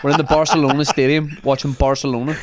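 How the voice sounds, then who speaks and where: A man hosting a comedy podcast, telling an animated anecdote in casual chat and laughing often. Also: fairly high pitch, fast, very noisy.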